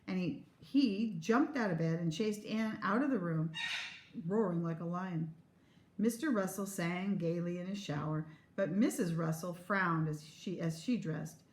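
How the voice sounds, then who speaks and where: A woman teacher reading a children's storybook aloud with a lively, expressive delivery. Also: lowish voice, unhurried. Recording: echoey room.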